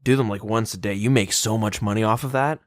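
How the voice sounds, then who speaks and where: A man's voice: lowish voice, fast talker, dry recording, studio quality. A young man co-hosting a gaming podcast, joking, swearing freely and asking questions. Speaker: podcast co-host. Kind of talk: casual gaming chat.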